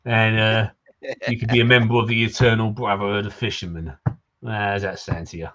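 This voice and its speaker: A man's voice: low voice, fast talker, fairly bright tone, breathy edge, muffled recording. A man voicing a drunk, grumbling old male fisherman in a video game, with a folksy pirate-ish drawl.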